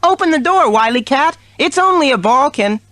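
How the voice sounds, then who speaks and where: Man voicing a young cat girl, very high, eager, bouncy storybook kid. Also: animated, moderate pace, sharp tone, no echo, full character voice. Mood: excited.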